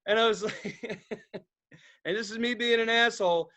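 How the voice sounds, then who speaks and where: A young man co-hosting a podcast, telling stories in a casual, profane, animated way, acting out loud outbursts and laughing along. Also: high-pitched, moderate pace. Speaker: podcast co-host. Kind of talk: casual storytelling chat.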